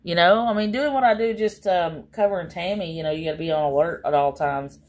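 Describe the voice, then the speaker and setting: A woman's voice: fairly low pitch, brisk. Rambling, exasperated woman streamer. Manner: rambling and exasperated, heavy with fillers. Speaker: livestreamer. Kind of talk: casual livestream chat.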